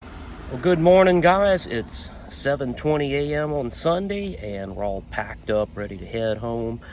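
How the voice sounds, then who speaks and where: A man narrating a relaxed travel vlog outdoors, filmed on a handheld camera. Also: mid-range voice, unhurried, slight background noise. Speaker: vlogger. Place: outdoors at a car show and on the road.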